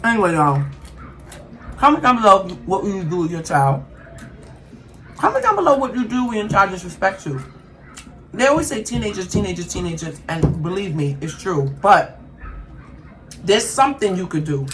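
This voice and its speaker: A woman's voice: medium pitch, big pitch swings, moderate pace, long pauses, low-quality recording. A woman hosting an eating show, talking casually and emphatically straight to her viewers. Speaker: mukbang host. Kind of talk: casual chat while eating. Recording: faint background noise.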